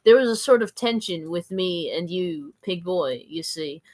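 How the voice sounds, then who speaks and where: A woman's voice: on the low side, expressive, measured pace, darkish tone. A woman from the American South rambling through a live stream, giggling, mocking herself and answering viewer comments. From Southern United States.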